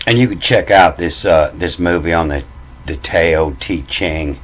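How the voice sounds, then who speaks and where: A man with a low voice talks slowly and loosely. He circles back over his words, restarts phrases and keeps dropping folksy "you know"s as he explains. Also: fairly bright tone, a little hiss or hum, low-quality recording. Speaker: self-taught bible language commentator. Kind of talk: casual rambling explainer talk.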